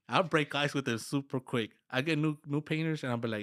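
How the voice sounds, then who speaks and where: A construction business owner from Dallas, Texas, guests on a podcast, telling work stories in a casual, slangy, animated way. His medium-pitched voice moves quickly, and he acts out conversations with his workers, dropping in Spanish phrases. The studio sound is clean with no echo.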